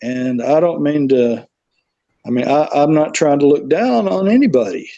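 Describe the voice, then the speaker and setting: A guest from South Carolina tells his story on a remote call, his Southern accent riding a fairly high, expressive, gravelly voice with a dark tone at a moderate pace. He rambles casually and acts out the voices of people he quotes. The audio is dull, with no room sound.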